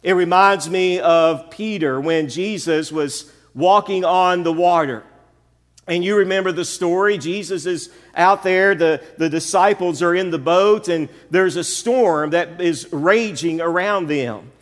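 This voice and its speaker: A man's voice: sits high, a little slow. A man preaching a sermon as pastor, building repeated phrases and asking the congregation "amen?". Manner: preacherly, repetitive calls of "amen?". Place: church sanctuary. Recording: long church reverb.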